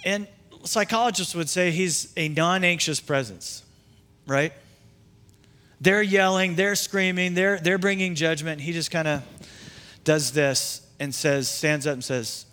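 A man's voice: a little high, a little slow, sharp tone. A man pastor preaching a sermon in a conversational way, with asides and restarts.

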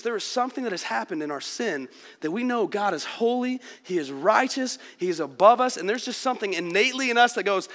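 A man's voice: high voice, expressive, fast talker, fairly bright tone. A man preaching a sermon to his church in a conversational, earnest way, often dropping in "like" and "man". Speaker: pastor. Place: church sanctuary. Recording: long hall reverb.

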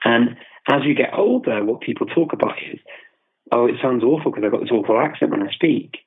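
A man's voice: mid-range voice, a little fast, husky. A British man explaining his views thoughtfully in a conversational interview, often restarting his sentences. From Britain. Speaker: guest, polyglot. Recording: phone-like remote call audio.

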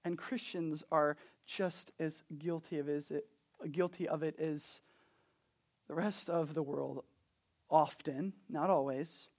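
Animated high-voiced male pastor. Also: slow pace. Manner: animated storytelling, drops to hushed earnest tones. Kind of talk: sermon. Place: Hawaii.

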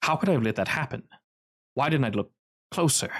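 A man's voice: medium pitch, expressive, a little fast, a bit bright, breathy edge. A man voicing a grieving middle-aged father in a tabletop game, speaking in formal, old-fashioned phrasing. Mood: shaken.

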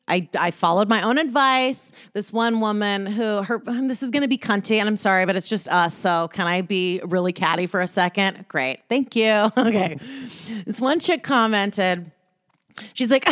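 A sassy woman hosts her podcast alone, swearing freely and laughing as she talks. Her voice sits a little high. The sound is close and dry, with no room around it. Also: normal speed, dry recording. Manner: profane, sassy and animated, with frequent laughs and mock voices. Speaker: podcast host. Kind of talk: casual solo podcast monologue.

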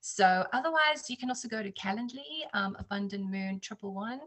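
Woman reader chatting, tells stories with lots of life, jumps way up when she quotes people. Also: fairly quick. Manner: animated, acts out quotes in higher voice. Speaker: psychic reader, guest. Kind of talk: casual storytelling chat.

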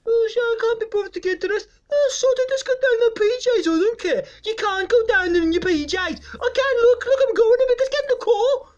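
Quick mock bit: a man doing a sloppy, high-pitched Birmingham dad, a deliberately bad accent, muffled recording. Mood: careless. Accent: Birmingham, put on badly. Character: lazy Birmingham dad in pyjamas, loud and careless.

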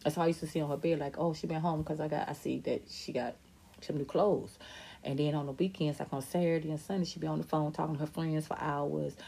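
Gravelly, husky-voiced woman podcast host. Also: low voice, steady tone, fast talker, warm tone. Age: middle-aged. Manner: candid and emphatic, imitating voices. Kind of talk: personal talk reading viewer comments.

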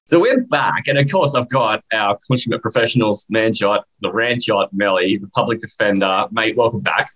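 A man's voice: lowish voice, moderate pace, few pauses, a bit bright, low-quality recording. A man hosting a casual podcast chat, joking around and calling his co-hosts "mate". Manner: jokey, laughs often, drawls "mate". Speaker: podcast host.

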